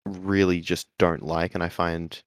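A man in casual podcast chat, talking in a relaxed, hesitant way with lots of fillers. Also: deep voice, measured pace, dry recording. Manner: relaxed and hesitant, with many fillers like "like" and "I don't know". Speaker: podcast co-host.

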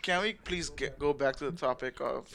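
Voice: medium pitch, normal speed, creaky, crowd noise. A speaker in a casual chat among friends, teasing and joking.

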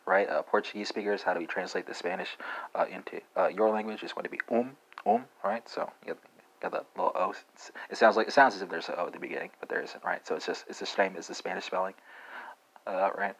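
A man's voice: low-pitched, low-quality recording. A man with a Texas accent giving a casual spoken language lesson, full of fillers and questions like "right?". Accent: Texan. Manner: halting, frequent fillers and tag "right?". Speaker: language teacher.

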